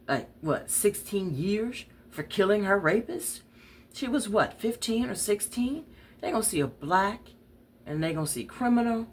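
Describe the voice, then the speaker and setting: A woman's voice: mid-range voice, slight background noise, natural voice. A woman storyteller voicing a hardened woman in her thirties on the run, talking bluntly in street slang. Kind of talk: dramatic story reading.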